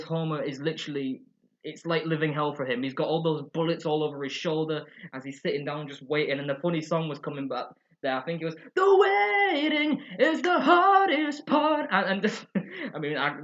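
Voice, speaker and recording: Chatty man, slightly dull webcam sound. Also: fairly high pitch. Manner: chatty, energetic retelling. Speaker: episode reviewer. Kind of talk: casual chat. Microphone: computer webcam.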